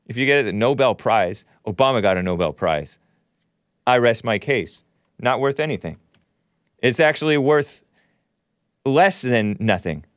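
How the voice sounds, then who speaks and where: A man's voice: medium pitch, no room sound, studio quality. A man hosting a call-in talk show, delivering a combative, sarcastic monologue full of rambling asides.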